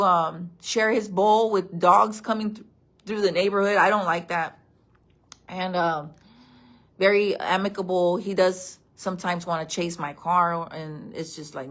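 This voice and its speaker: A woman's voice: mid-range voice, fairly bright tone. A woman chatting casually on a livestream, telling a story and calling her viewers friends. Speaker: vlog host. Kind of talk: casual livestream chat reading comments.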